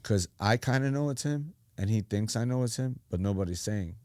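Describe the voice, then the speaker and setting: A middle-aged man, a pastor, telling his life story in animated casual talk and acting out the voices he quotes. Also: on the low side, brisk, no room sound, studio quality. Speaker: pastor, podcast guest.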